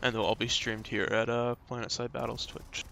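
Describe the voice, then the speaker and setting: A man casting a live esports match, giving relaxed analysis and schedule notes. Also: mid-range voice, a little fast, creaky. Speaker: esports caster.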